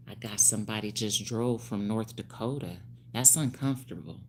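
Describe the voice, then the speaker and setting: Very deep-voiced woman in her fifties. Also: moderate pace, slight background noise. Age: 50s. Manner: animated, preachy, with laughs. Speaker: hairstylist. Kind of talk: casual livestream talk.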